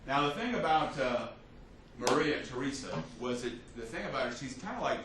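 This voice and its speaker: A man teaching a history class as a lecturer, telling the story with lively restarts and fillers. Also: medium pitch, normal speed. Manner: animated storytelling with many restarts. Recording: echoey classroom from a distance, faint hiss.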